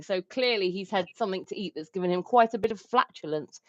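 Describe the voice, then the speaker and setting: A woman's voice: fairly high pitch, big pitch swings, fast talker, hardly any pauses, no echo, dull audio. A woman co-hosting a livestream, chatting casually and reading out viewer comments. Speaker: livestream co-host.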